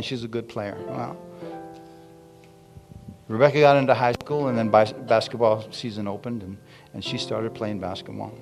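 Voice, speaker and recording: Animated pastor, a man telling stories. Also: medium pitch. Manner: animated, calls out to the congregation. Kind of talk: sermon storytelling.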